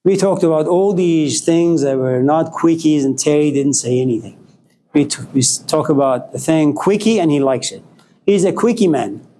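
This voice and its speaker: A man's voice: a little high, moderate pace, mellow. A man giving an informal spiritual lecture to a live audience, joking and telling stories in a loose, conversational way.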